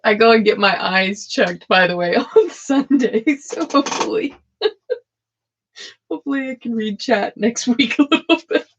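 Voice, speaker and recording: A woman with a slightly high voice and moderate pace hosts a tarot livestream, doing card readings and chatting with viewers while laughing often. The stream audio is dull and lo-fi.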